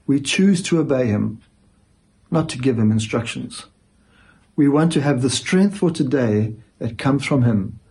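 A male pastor giving a sermon, speaking emphatically with dramatic pauses. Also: mid-range voice, mellow, breathy edge.

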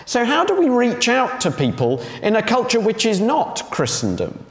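A man's voice: very high voice, huge pitch swings, moderate pace. A man preaching a sermon, emphatic, repeating key phrases and asking rhetorical questions. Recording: echoey hall with long reverb.

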